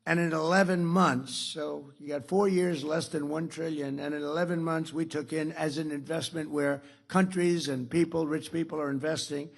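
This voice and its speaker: A man's voice: on the high side, fairly even intonation, moderate pace, creaky, hardly any pauses. A man in his seventies giving a rambling, boastful after-dinner speech at a podium, restarting sentences and adding asides. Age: 70s. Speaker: speaker at a club dinner. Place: dinner event.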